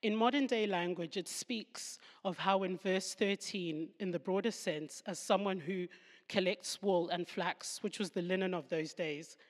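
A woman's voice: fairly low pitch, measured pace. Southern African woman teaching in a reverberant hall. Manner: warm humorous asides, laughs at herself. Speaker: Bible teacher. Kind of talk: devotional Bible talk.

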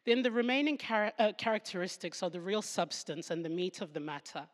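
A woman's voice: mid-range voice, lively intonation, fairly quick, big-room sound. A woman with a Southern African accent giving a devotional Bible talk, with humorous asides where she laughs at herself. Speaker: Bible teacher.

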